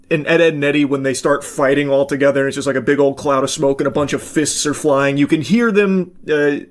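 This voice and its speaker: A man reacting to a clip in casual, rambling commentary, swearing freely and filling gaps with "like" and "uh". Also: fairly high pitch. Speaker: commentary YouTuber.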